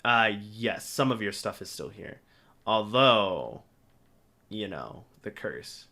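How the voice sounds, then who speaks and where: A man narrating a tabletop role-playing game as game master, relaxed and full of pauses. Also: on the low side, vocal fry. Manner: relaxed, with frequent filler pauses.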